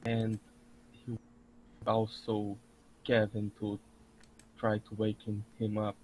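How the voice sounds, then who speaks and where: A man playing a tabletop game who speaks in short, halting bursts. His voice is low-pitched and very flat, with little rise or fall, and a faint noise sits under it. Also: poor audio. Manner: hesitant, halting. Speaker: player. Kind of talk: casual chat at a tabletop game.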